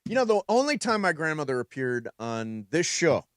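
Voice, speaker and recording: Animated, higher-pitched male radio host. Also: normal speed, dry recording, clean studio sound. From Midwest US. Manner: animated, storytelling. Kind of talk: sports talk radio.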